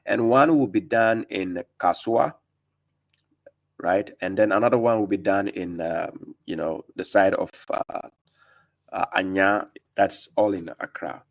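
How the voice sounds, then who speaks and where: A man's voice: sits low, measured pace, creaky. Man hosting a live Q&A. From Ghana. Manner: reads comments aloud and retorts, with frequent fillers. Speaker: livestream host answering viewer comments. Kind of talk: live Q&A on a religious stream.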